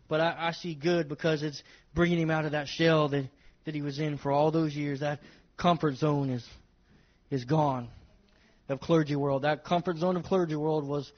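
A high-voiced man preaches to his congregation. He leans hard on his phrases, repeating them and calling out to the people in front of him. The recording is dull and lo-fi, with the top end rolled off. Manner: emphatic, repeats phrases, addresses congregation directly. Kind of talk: sermon. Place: church service with congregation.

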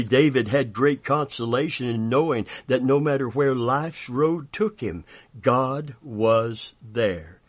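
A man delivers a sermon at a slow, unhurried pace, with a mid-range voice. He speaks earnestly and declares his points, stretching out key phrases for emphasis. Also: medium pitch. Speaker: preacher.

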